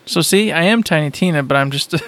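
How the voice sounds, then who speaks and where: A man's voice: on the high side, fast talker, a bit bright. A man co-hosting a podcast, chatting casually in a playful, joking way and laughing often. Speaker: podcast co-host. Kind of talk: casual chat.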